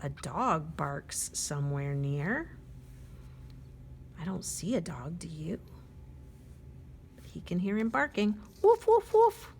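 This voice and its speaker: Librarian lady reading a kids picture book, slow, bouncy up and down voice, asks the little ones questions. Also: sits low, animated, a little hiss or hum. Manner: slow and gentle, pausing to ask young listeners questions; drops to a soft whisper for quiet moments. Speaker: library storytime reader.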